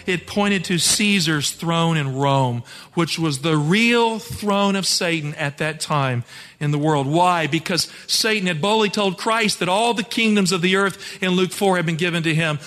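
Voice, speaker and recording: A man's voice: sits high, a little slow, fairly bright tone, in a large hall. A man preaching an earnest, emphatic sermon as pastor.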